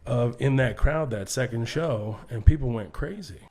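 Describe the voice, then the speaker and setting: A man on a podcast telling a backstage story in a casual, animated way, acting out what others said and laughing often. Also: mid-range voice, normal speed. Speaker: podcast guest, comedian.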